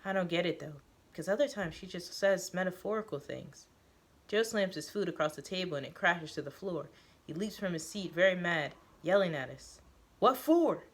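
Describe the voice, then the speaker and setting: A woman reading a first-person story aloud, halting now and then with fillers and self-corrections. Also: fairly low pitch, breathy edge. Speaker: reader of a story.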